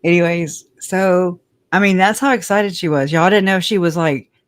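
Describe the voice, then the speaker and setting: A woman hosting a casual livestream, chatty and giggly, whose voice leaps up high when she gets excited. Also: normal speed, no echo. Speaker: livestream host.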